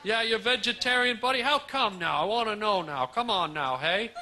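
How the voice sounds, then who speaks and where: A man doing a stand-up comedy set on a club stage, animated and teasing the crowd. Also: high-pitched, moderate pace. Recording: live club recording, audience laughter and noise.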